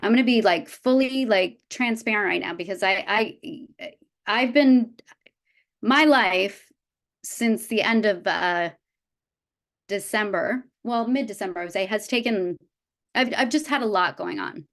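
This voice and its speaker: A woman's voice: medium pitch, unhurried, fairly bright tone. A woman in her fifties giving a heartfelt motivational talk to a live audience of her business team, earnest and often restarting her sentences. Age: 50s. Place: event room with a live audience.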